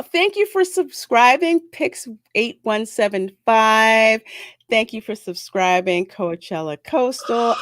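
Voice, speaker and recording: A woman hosting a casual livestream, chatting and reading out viewer comments. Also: mid-range voice. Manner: chatty, reads out viewer comments, bursts of laughter. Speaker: livestream host.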